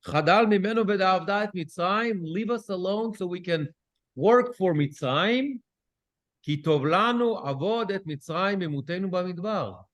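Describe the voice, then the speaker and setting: A man, a cantor, teaching a Bible study class who reads Hebrew verses aloud and translates them with lively questions. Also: high voice, measured pace.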